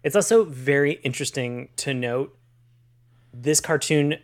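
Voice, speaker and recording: A man hosting a podcast in a casual, upbeat chat, talking with lively energy and the odd chuckle. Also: medium pitch, measured pace. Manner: upbeat, animated delivery with chuckles. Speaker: podcast host.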